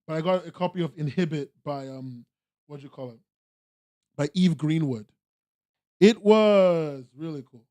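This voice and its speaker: A young American man hosts a podcast in a rambling, laid-back casual chat, full of fillers and restarts. His voice is on the high side with a dark tone, and he speaks at a measured pace with frequent pauses.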